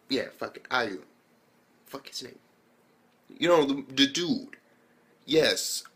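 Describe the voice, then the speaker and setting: A man's voice: fairly high pitch, a bit bright, husky. A man giving a rambling, profane spoken anime review, acting out characters' lines as he retells the episode.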